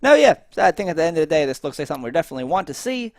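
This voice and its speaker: A man co-hosting a trailer review who talks fast in casual chat, often stumbling and restarting his sentences. His voice sits a little higher than average. It is recorded dry and close to the mic. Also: big pitch swings, dry recording. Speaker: co-host of a movie trailer review show.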